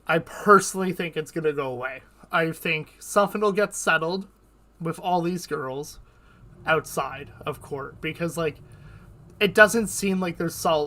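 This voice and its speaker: A man with a bright, forceful voice pitched a little high, chatting on his livestream. He rambles and leans heavily on filler words, with plenty of swearing mixed in. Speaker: streamer host. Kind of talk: casual livestream chat.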